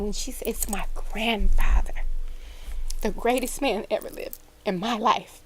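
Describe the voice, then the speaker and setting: A woman with a young son, co-hosting a podcast and telling an emotional personal story in casual chat, her voice climbing high when she gets excited. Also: a little slow, slightly rough. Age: adult with a young son. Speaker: podcast co-host.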